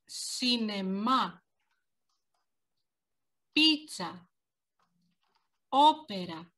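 A woman's voice: on the high side, sharp tone. A woman with Greek as her first language, teaching an online lesson on a video call and carefully pronouncing words for learners to repeat.

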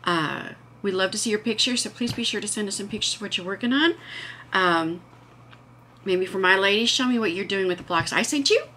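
A woman's voice: medium pitch, a little fast, sharp tone, a little hiss or hum. A woman hosting a casual home vlog, chatting enthusiastically and gushing over what she shows. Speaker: vlog host.

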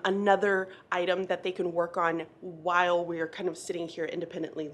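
A woman teacher chatting quickly and brightly in a casual vlog, recorded on a handheld phone camera in her classroom, a little nervous as she talks. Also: on the low side.

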